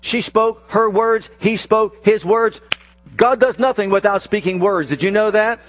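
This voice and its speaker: A man preaching a sermon, acting out scripture scenes with slow emphasis and sudden rapid bursts. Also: sits high, faint music behind. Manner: dramatic, acts out quoted scripture voices, shifts between slow emphasis and rapid bursts.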